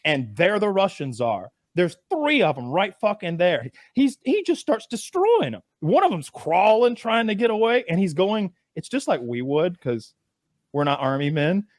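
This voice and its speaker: Animated storytelling man, lively and dry. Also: high-pitched, moderate pace, no room sound. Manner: animated storyteller, acts out quotes, swears a lot. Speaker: podcast co-host. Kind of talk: casual podcast chat.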